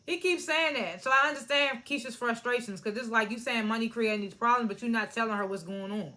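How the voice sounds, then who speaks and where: Woman, fairly high-pitched, casual TV recap, blunt, profane, laughs often. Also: fairly quick. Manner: blunt, animated, swears freely, laughs often. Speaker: TV episode reviewer.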